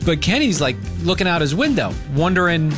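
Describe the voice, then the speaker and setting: A man's voice: on the high side, a little fast, over music. A man hosting a radio morning show, chatting casually and laughing with his co-hosts. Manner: animated, laughs often, coaching tone.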